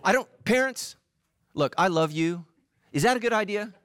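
Male pastor, middle-aged, comic sermon, lively up-and-down voice, dry close sound. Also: high-pitched, moderate pace, no room sound, a faint crowd. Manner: animated, acts out voices and quotes. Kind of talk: humorous sermon.

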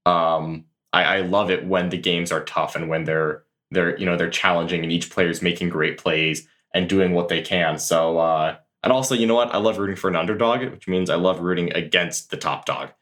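Male guest, very low voice, earnest and thoughtful interview answers. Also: steady tone, moderate pace, few pauses, a bit bright. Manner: thoughtful, earnest, with many fillers and restarts. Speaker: guest tabletop tournament player. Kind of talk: casual podcast interview answers.

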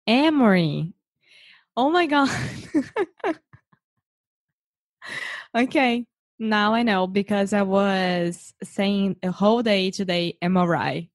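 Slow-talking woman searching for words. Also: medium pitch. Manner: unhurried, searches for words, laughs often. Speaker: co-host, English learner. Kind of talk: casual podcast chat.

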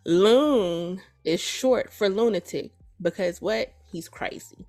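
A woman hosting a podcast who retells a story in a casual, animated and profane way. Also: mid-range voice, slow, few pauses. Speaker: podcast host. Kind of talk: casual chat.

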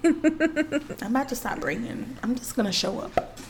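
A young woman co-hosting a casual podcast, telling stories with lively acted-out quotes. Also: high-pitched, unhurried, a little hiss or hum. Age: young adult. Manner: animated storytelling with acted-out quotes. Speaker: podcast co-host. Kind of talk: casual chat.

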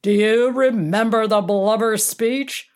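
A woman's voice: on the high side, fairly even intonation, slow pace, voice pushed up. A woman voicing a large middle-aged male character actor who talks bluntly and crudely. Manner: blunt, crude, matter-of-fact.

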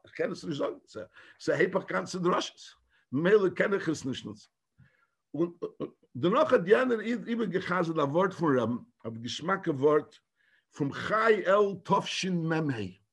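A man, a rabbi, giving a talk in English mixed with Yiddish, halting and repeating himself, then rising into emphatic bursts. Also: high-pitched, gravelly, slightly rough.

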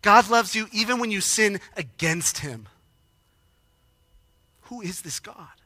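A man preaching a sermon, emotional and animated, acting out quoted lines with rising intensity. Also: high voice, slow, dry recording. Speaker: pastor.

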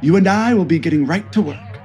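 A man voicing a calm, confident veteran male spy who explains things in a breezy, matter-of-fact way. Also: high voice, brisk, lo-fi sound, lightly acted. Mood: cool.

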